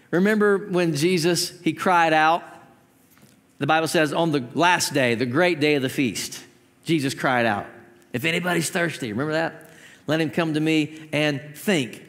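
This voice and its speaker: A high-pitched man preaching in a church sanctuary, his voice ringing with a long hall reverb. He tells the story in an animated way, tossing in jokes and breaking into sudden shouts. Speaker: pastor. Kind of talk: sermon.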